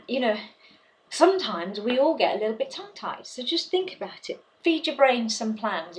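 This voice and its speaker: A woman's voice: mid-range voice, a little hiss or hum, poor audio. A woman who trains salespeople, talking to camera in an advice video and stressing her points by repeating words. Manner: emphatic, repeats key words for effect.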